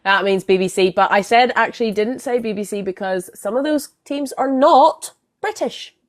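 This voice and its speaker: A woman's voice: fairly high pitch, moderate pace. A woman co-hosting a football podcast, chatting casually and matter-of-factly about the games. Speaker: podcast co-host. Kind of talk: casual chat.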